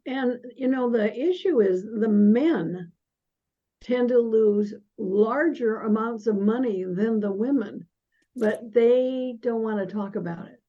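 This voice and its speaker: An older woman guest speaking in a casual conversation, halting and often restarting her sentences. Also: a little high, mellow. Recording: dull lo-fi audio.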